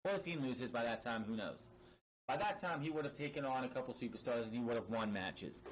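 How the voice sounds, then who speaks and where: A man's voice: medium pitch, animated, fairly quick, slight background noise, rough recording. A man giving a casual, opinionated recap of a wrestling show, blunt and emphatic, swearing freely and often restarting his sentences.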